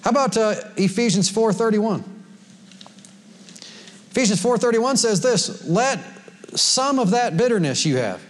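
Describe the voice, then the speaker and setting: A pastor preaches a folksy sermon to his congregation in the church sanctuary, quoting scripture and laughing a lot. His high voice is expressive but a little slow, and he pauses often.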